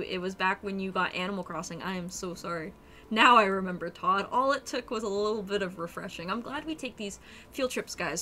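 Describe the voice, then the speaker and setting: A woman's voice: medium pitch, pushed and bright, a little hiss or hum. A young adult woman streaming a game, chatting casually and animatedly with her viewers and laughing often.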